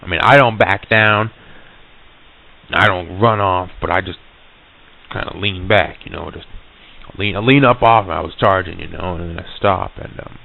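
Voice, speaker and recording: A man telling a story into a tape recorder, halting with many stammered restarts, on an old reel-to-reel tape. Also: low voice, creaky, narrow, tinny audio.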